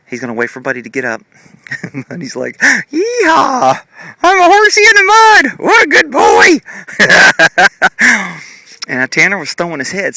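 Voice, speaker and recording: A man's voice: mid-range voice, pushed and bright, no room sound. A man casually commenting on his horses while filming them with a handheld camera in a muddy pasture, in a rambling, fond way full of fillers.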